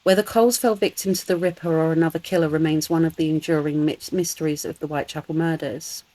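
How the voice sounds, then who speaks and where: Lower-voiced London woman. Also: fast, low-quality recording. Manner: earnest, relaxed, reads out case details with restarts. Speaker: podcast co-host. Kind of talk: casual chat.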